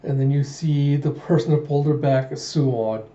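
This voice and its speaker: A man's voice: a little high, steady tone, moderate pace, dark tone. A young man casually retelling a comic story aloud, reading out the lines with loose "she's like" asides. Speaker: comic reader. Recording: dull, roomy home recording.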